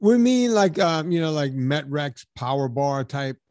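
A man's voice: on the high side, animated, unhurried, darkish tone, no echo, clean studio sound. A middle-aged man hosting a podcast in casual chat, thinking aloud with restarts and fillers. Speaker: podcast host.

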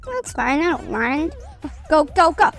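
Excitable high-voiced young woman gamer. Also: measured pace, soft background music. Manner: chatty, excitable, self-mocking. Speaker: gaming streamer. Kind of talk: casual gameplay commentary.

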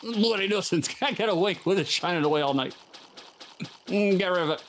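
Guy doing a shouty aussie dolphin, picks fights, high and bouncy. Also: expressive, a little fast, slight background noise. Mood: grumbling. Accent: put-on Australian. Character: gruff brawling male dolphin.

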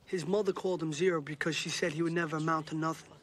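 An actor voicing a grown man calmly narrating memories of his neighborhood in a film. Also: fairly high pitch, very fast. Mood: reflective. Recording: film clip over music.

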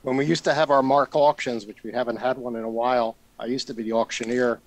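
A man's voice: medium pitch, fairly even intonation, quick pace, poor audio. A man, a club member, chatting casually at a meeting and adding joking asides.

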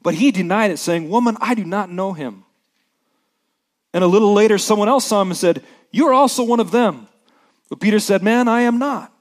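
A man delivers a sermon from the pulpit, his voice sitting a little high for a man. He reads scripture dramatically, putting on voices for the characters, then drops to a hushed tone for the somber moments. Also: a little fast. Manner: animated preacher who acts out scripture voices, dropping soft for somber moments. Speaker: pastor.

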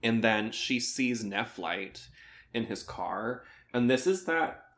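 A man's voice: mid-range voice, animated, slow, fairly bright tone. Chatty, rambling man on a podcast. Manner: rambling, loses his train of thought. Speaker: podcast co-host. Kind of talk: casual chat.

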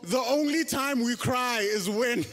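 A young man from South Africa with a very high voice, telling his own story from a church stage. He talks it through casually, with a self-deprecating streak and lifts of emphasis, and his voice rings out with long reverb in the hall. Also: measured pace, fairly bright tone, faint music behind. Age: 20s. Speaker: preacher. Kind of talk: testimony sermon.

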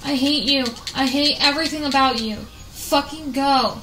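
A woman gaming on camera, swearing and venting frustration at the game as she plays, often breaking into shouts. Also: high-pitched, moderate pace, roomy sound, over music, poor audio. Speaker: gaming YouTuber. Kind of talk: casual let's play commentary.

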